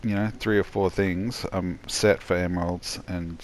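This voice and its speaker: A tired man giving a rambling, halting voice-over commentary on his own gameplay, yawning as he goes. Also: low voice, steady tone. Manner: rambling, halting, many restarts and fillers.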